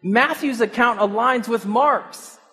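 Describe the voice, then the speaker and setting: A man's voice: very high voice, slow, big-room sound. A man preaching a sermon, asking his listeners questions and chuckling now and then. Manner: animated, rhetorical questions, chuckles often.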